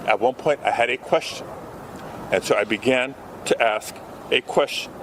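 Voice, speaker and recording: A man delivers a firm statement to the press, pressing each point and climbing in pitch as his indignation grows. He speaks outdoors in a city, and traffic and street ambience carry clearly around him. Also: moderate pace. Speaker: senator.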